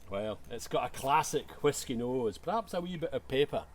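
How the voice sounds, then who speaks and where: A Scottish man talks through a whisky tasting in a relaxed, enthusiastic way. He stops often for fillers and restarts as he goes. His voice sits at an ordinary middle pitch. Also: moderate pace. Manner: hesitant, many fillers, enthusiastic. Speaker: whisky bottler presenting a tasting. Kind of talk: casual tasting presentation.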